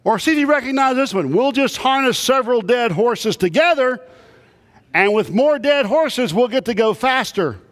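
A man's voice: very high-pitched, animated, normal speed. A man preaching a sermon to a congregation, telling folksy, humorous stories. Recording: long reverb of a big hall.

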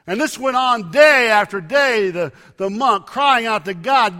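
A man preaching a sermon, with emphatic loud rises and soft drops. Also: extremely high pitch, animated, a little slow, few pauses. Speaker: pastor. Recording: long reverb of a large hall.

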